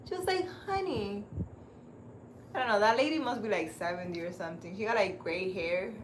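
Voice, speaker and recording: Talking to her live-stream audience, a spiritual healer with her own channel keeps things casual and lively, laughing a lot. She speaks fast and animatedly at medium pitch, with a little hiss or hum in the recording.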